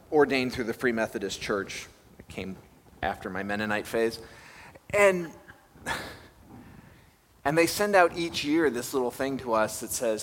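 A man's voice: medium pitch, a bit bright, a little hiss or hum. A young male pastor giving a conversational, self-deprecating sermon and putting questions to his listeners. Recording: reverberant hall with faint ambience.

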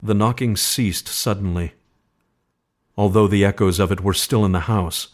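A man narrating a horror story in a slow, measured, suspenseful reading. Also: fairly low pitch.

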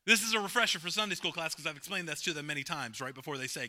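Bright, emphatic male preacher. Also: a little high, lively intonation, very fast. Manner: emphatic preacher, repeats phrases, swings from loud to hushed; jokes with the congregation, asks questions. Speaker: pastor. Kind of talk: sermon.

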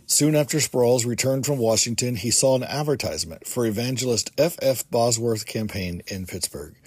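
Man, podcast host, earnest book reading, husky voice, mid pitch, dry. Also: a little mellow, no room sound. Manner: earnest, with small restarts while reading. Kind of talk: reading a book aloud and commenting.

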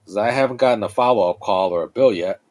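A man's voice: lowish voice, quick pace. A man in his thirties, a podcast co-host, casually telling a long story, rambling and swearing freely with many restarts. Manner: rambling and profane, with frequent restarts and fillers.

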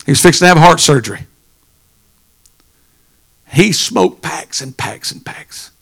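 A pastor preaching a sermon, swinging from low murmurs to shouted lines. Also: male voice, lively intonation, normal speed, creaky, husky.

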